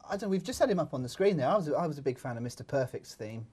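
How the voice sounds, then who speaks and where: A man co-hosting a casual studio chat, throwing in dry quips and quick remarks. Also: fairly high pitch, big pitch swings, darkish tone, breathy edge. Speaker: co-host.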